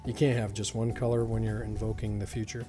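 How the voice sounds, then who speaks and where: A man's voice: on the low side, level tone, fast talker, music in the background. A man hosting an odd-news podcast, reading stories aloud and joking around, often laughing. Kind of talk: casual comedic chat.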